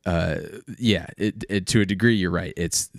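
A man's voice: low voice, steady tone, moderate pace, dry recording, clean studio sound. A man co-hosting a podcast, explaining things in casual chat and often restarting his sentences. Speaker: podcast co-host.

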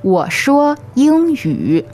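A woman modelling phrases slowly and clearly as a co-teacher in a podcast lesson. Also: high voice, very animated, darkish tone, faint music behind. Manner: slow, clearly enunciated. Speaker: language teacher. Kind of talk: slow model pronunciation.

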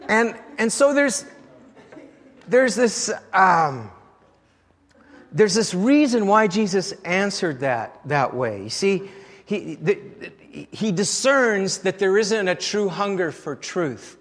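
A man's voice: sits high, lively intonation, takes it slowly, a bit bright, big-room sound. A male pastor preaching a sermon in a conversational, storytelling way, often chuckling.

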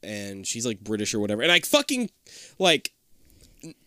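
A man's voice: fairly low pitch, huge pitch swings, normal speed, bright, forceful tone, no room sound. A man co-hosting a podcast, recapping a show in casual chat, swearing often and laughing a lot. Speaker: podcast co-host.

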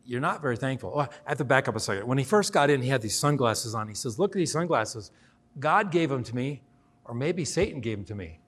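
A middle-aged man preaching as a guest speaker, telling a personal story and acting out the dialogue. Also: a little high. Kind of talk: sermon storytelling.

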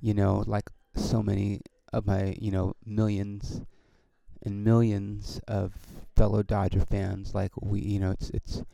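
A man's voice: fairly low pitch, completely flat delivery, a little slow, creaky, warm tone, no echo. A man hosting his own podcast, talking in a casual, rambling way with many restarts and frequent swearing. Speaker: podcast host and comedian.

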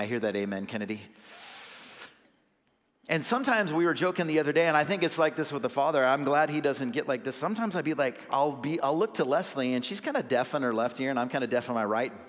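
A man's voice: mid-range voice, a bit bright, long reverb tail. A young adult male associate pastor delivering a sermon, earnest and conversational, swelling into emphatic bursts. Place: church sanctuary.

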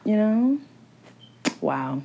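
A woman in her twenties in a casual chat, animated and playful, laughing often and using a lot of slang. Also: medium pitch, extremely slow, gravelly, a little hiss or hum. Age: 20s.

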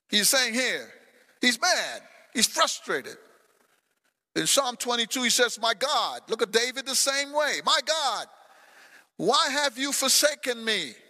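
A male pastor preaching a sermon with passion, swinging between loud shouted cries and quiet low asides. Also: expressive, a little slow, long pauses, long reverb tail. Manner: impassioned preaching, shouts scripture lines. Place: church sanctuary.

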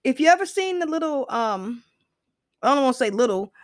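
A woman's voice: high voice, animated, a little fast, no echo, studio quality. A woman giving casual opinion commentary, rambling and profane, with lots of asides and fillers.

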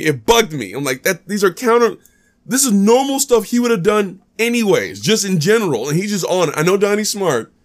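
A man hosting a podcast, chatting casually about a movie, animated and rambling, repeating himself often and restarting his sentences. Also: on the high side. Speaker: podcast host. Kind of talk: casual movie review chat.

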